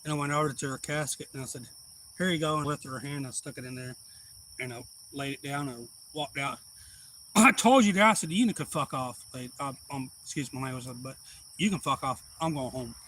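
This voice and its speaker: A man telling a long story casually on a live stream, acting out quoted voices loudly. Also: medium pitch, fairly even intonation, fairly quick, a little hiss or hum, rough recording.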